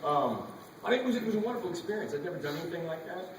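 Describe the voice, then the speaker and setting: A man telling a wild story on a convention panel, animated and profane. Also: sits high, rapid-fire. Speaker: panel guest actor. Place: large convention hall. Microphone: audience camera far from stage. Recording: echoey hall recorded from far off with noise.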